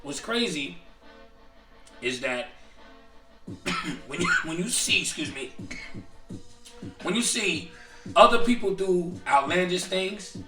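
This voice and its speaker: A man co-hosting a casual chat show, animated and profane, often restarting his sentences. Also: high-pitched, slow, long pauses, roomy sound, recorded from a distance, music in the background. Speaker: podcast co-host.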